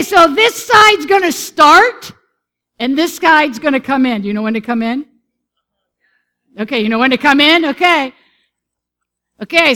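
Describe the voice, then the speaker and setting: A woman's voice: sits high, pushed and bright. A woman pastor preaching and leading her congregation in a church. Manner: encouraging, leads the congregation in song. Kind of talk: sermon with congregational singing. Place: church sanctuary.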